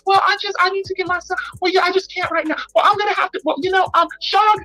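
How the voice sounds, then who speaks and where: A woman mimicking a grown woman with a high, childlike voice who dithers and trails off into fillers. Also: steady tone, quick pace, crowd noise, rough recording. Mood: dithering.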